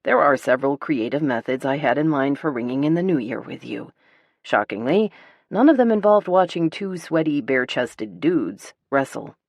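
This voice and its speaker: A woman narrator voicing a charming, playful young billionaire heir who teases in a low rumbling way. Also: expressive, normal speed, no room sound, heavily acted. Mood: teasing. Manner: teasing, low rumbling banter.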